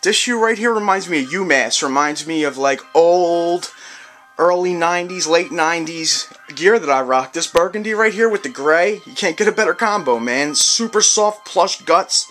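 A man talks excitedly and rambles in slang through a casual product review. His voice sits fairly high. Faint music runs quietly behind him. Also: moderate pace. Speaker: sneaker vlogger.

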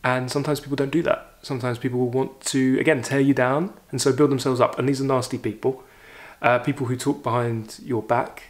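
Male literature teacher, mid-pitched, expressive reader with conversational asides. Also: fairly quick. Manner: expressive reading, raises voice for quoted lines, reflective asides. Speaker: literature teacher reading aloud. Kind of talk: reading a story aloud with commentary.

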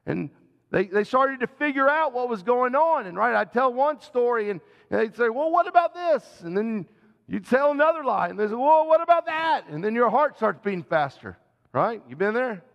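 A man's voice: very high-pitched, expressive, normal speed, creaky, big-room sound, lo-fi sound. A man, a senior pastor, preaching a sermon in an earnest, conversational way and asking the congregation direct questions. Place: church sanctuary.

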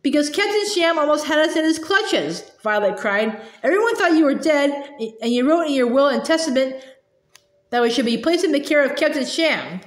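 A woman's voice: sits high, expressive, fairly quick. A woman voicing an earnest, clever girl who speaks urgently and impatiently, in a storybook reading. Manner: pleading, impatient. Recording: roomy echo.

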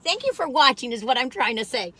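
A woman's voice: sits high, sing-song, fast, sharp tone, a little hiss or hum. A middle-aged woman, chatting and rambling as she taste-tests food, gushing with frequent exclamations. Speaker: food reviewer. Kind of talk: casual chat while taste-testing.

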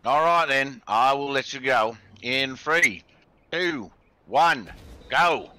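A swaggering, tipsy pirate captain rallies his crew over game voice chat, as a man puts him on. His voice is bright and forward at a middling pitch, and every line drawls out slurred and theatrical, dotted with endearments. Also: lively intonation, slow, a little hiss or hum. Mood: commanding. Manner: slurred, theatrical, calls people love. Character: roguish drunken male pirate captain. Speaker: event host in character. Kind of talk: in-character voice chat during a game event.

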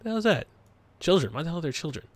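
A young man giving casual gameplay commentary, goofy and mock-dramatic, swinging from mumbled asides to loud outbursts and bits of made-up song. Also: a little high, sing-song, quick pace, dry recording.

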